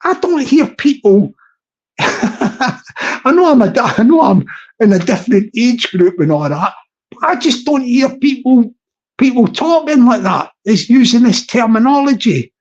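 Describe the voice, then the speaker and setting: With a very high, darkish voice that swings widely in pitch, a middle-aged Scottish man hosts an unhurried live-stream chat. He wanders from topic to topic, restarting often, and the lo-fi recording sounds slightly dull.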